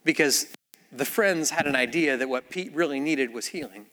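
A man preaching a sermon in a church, telling the story with animated acted-out voices. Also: medium pitch, normal speed, long reverb tail. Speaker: pastor.

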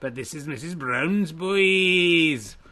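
Guy doing a loud showy impressionist, high and shouty, bright voice. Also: slow. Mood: camp. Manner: shouty exaggerated celebrity impressions. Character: impressionist version of the host, male, showy.

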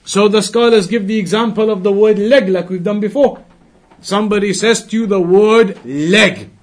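Male religious teacher, fairly high voice, quizzes the class, drawn-out repetitions. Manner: questions the audience, repeats words slowly for emphasis. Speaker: Islamic teacher.

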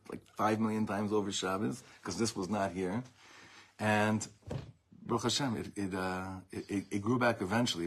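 A middle-aged man, a rabbi giving an informal Torah talk to a small group, telling animated stories with laughter and mixing Hebrew and Yiddish words into his English. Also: lowish voice, breathy edge. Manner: animated, rambling storytelling with frequent laughter.

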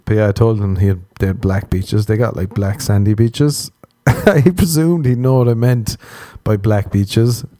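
Young Irish male podcast host: loose, profane, rambling stand-up style with a warm, slightly low voice. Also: moderate pace, few pauses, no room sound. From Ireland. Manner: rambling, profane, laughs at his own jokes. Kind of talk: solo comic podcast monologue.

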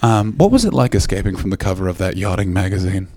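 A man's voice: low-pitched, very animated, fast talker. A man from Canada doing stand-up crowd work, brash and teasing, swearing freely, on a handheld mic. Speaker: stand-up comedian. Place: comedy club stage.

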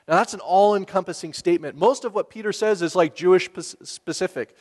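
A man preaching a sermon in a relaxed, conversational way, asking the listeners questions and laughing now and then. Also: fairly high pitch, normal speed. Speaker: pastor. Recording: long hall reverb.

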